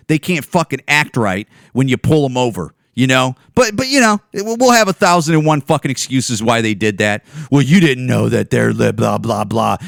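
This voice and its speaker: Here a Chicago-area man in his forties hosts a podcast and rants furiously, cursing and repeating himself over and over. His pitch is medium and a bit bright, and the clean studio sound carries no echo.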